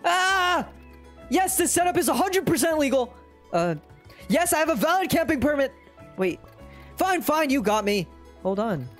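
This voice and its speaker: A streamer voicing a panicky young camper caught breaking the rules, shouting and begging while reading game dialogue aloud. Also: mid-range voice, very animated, measured pace, pauses often, faint music behind, voice pushed up. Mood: panicked shouting.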